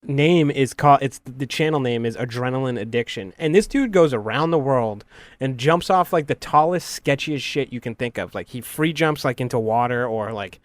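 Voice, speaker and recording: A man's voice: mid-range voice, moderate pace, no room sound. Podcast co-host, man, easygoing and crude, dry close mic. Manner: loose, swearing, laughing asides. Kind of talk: casual chat.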